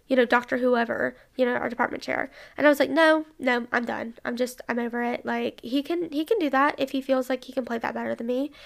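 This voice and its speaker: Young woman, slightly high voice, casual storyteller, animated retelling. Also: gravelly. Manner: chatty, animated, lots of "like" and quoted dialogue.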